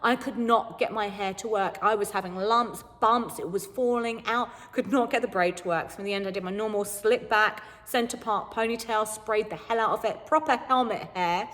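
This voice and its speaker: A young woman chats straight to camera in a lively, animated way, laughing often as she recalls her time as a game show contestant. Her voice sits at a medium pitch and trails off into a long reverb. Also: moderate pace, hardly any pauses. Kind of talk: casual chat to camera.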